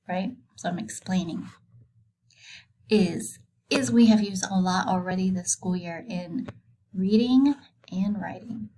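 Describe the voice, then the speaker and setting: A woman's voice: mid-range voice, takes it slowly, long pauses, mellow, slight background noise, low-quality recording. A woman teaching a recorded reading lesson to kindergarteners, patient and encouraging, asking simple questions and praising answers.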